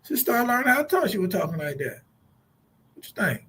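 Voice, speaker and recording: Husky high-voiced man, blunt and profane. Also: brisk. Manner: blunt, profane, animated storytelling. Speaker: co-host. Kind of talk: casual radio talk.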